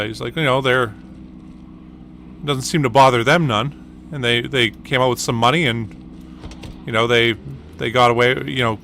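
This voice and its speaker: Bright-voiced man rambling over gameplay. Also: medium pitch. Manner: rambling, lots of fillers. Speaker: gaming channel host. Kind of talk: casual gameplay commentary.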